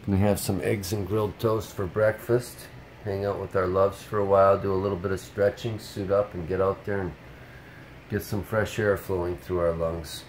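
A man's voice: low voice, level tone, normal speed, slight background noise, rough recording. A man hosting a casual vlog, chatting in a rambling, upbeat way with a bit of pep talk. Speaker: vlog host.

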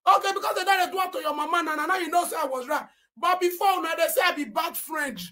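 Nigerian woman live-streamer, high and indignant, loud Pidgin rant. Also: fast talker. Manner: animated and indignant, often shouting and reading comments aloud.

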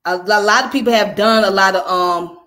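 Fast-talking Southern woman streamer. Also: medium pitch, fairly bright tone. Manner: fast-talking, conversational, says "you know what I'm saying". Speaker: livestream host teaching history. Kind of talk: casual live-stream lesson.

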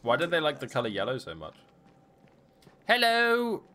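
A man's voice: mid-range voice, big pitch swings, very fast, pushed and bright. A young man streaming a game, chatting casually and joking with frequent laughs. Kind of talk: casual gameplay commentary.

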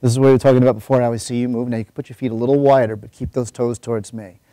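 A man coaching a workout, a bit winded from the effort. His voice is mellow and warm, and the sound is dry with no room around it. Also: mid-range voice, level tone, rapid-fire, no room sound. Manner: giving instructions while exercising. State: out of breath. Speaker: fitness trainer. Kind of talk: coaching a workout while talking.

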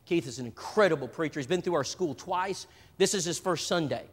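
A man's voice: fairly high pitch, brisk, slightly rough. A man preaching at a church seminar, telling stories and acting out the people in them. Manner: animated storyteller, voices other people in his stories. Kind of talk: seminar talk with acted-out anecdotes. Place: church hall. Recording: live stream with a long hall reverb.

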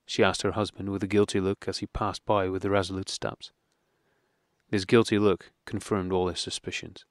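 Audiobook narrator, male, lower voice, steady measured reading, dry close sound. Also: no room sound. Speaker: audiobook reader. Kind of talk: reading a classic novel aloud.

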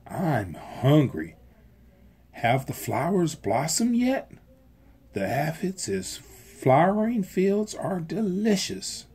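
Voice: medium pitch, very animated, slow pace, mellow, slightly rough, heavily acted. A volunteer reader voicing a small ladybug, hungry and waking from sleep. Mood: eager.

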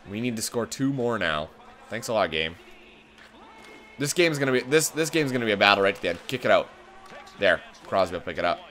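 A gaming channel host with a mid-range, slightly bright voice commentates on his own hockey video game play. He calls the action like a broadcaster and swears when things go wrong.

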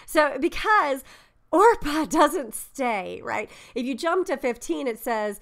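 A woman's voice: sits high, lively intonation, slow pace, creaky, a bit bright. A woman teaching a Bible study in an earnest, conversational way, reading passages aloud and explaining them. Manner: earnest, conversational, with fillers and restarts.

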